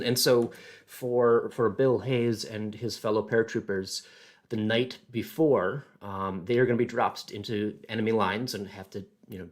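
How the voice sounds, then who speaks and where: A man presenting a casual history talk, halting and thinking aloud with many fillers. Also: lowish voice.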